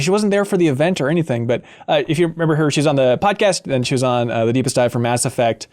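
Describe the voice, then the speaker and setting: A man hosting a casual podcast chat, playful and animated, with jokey asides. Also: mid-range voice. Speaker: podcast host.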